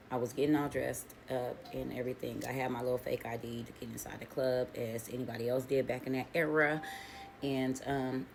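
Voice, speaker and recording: A middle-aged woman casually telling a story on her channel, animated and profane, full of slang and acting out other people's lines. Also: rumbling low, creaky, a little hiss or hum. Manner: animated, profane, slangy, acts out quoted voices.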